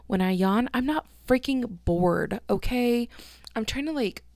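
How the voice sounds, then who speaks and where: A young woman hosts a solo podcast, gushing to listeners in a slightly high, a little mellow voice with lively intonation and a measured pace. She fills her casual chat with "like" and "um" and yawns between phrases. The recording is dry.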